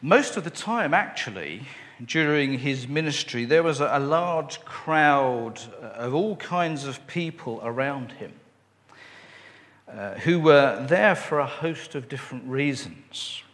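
A man preaching a sermon and reading scripture, unhurried, with fillers and friendly asides. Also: mid-range voice, lively intonation, a bit bright, in a large hall. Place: church.

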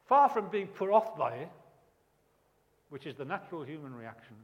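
Male preacher, higher voice, emphatic, rhetorical questions, long reverb of a church hall. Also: big pitch swings, normal speed. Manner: emphatic, repeats key phrases, asks rhetorical questions. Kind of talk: sermon.

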